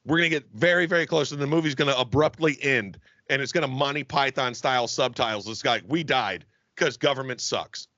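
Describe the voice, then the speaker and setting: Profane rambling young man, bright voice. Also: mid-range voice, fast, hardly any pauses, no room sound, muffled recording. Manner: rambling, profane, animated storytelling. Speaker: podcast co-host. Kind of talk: casual comedic chat.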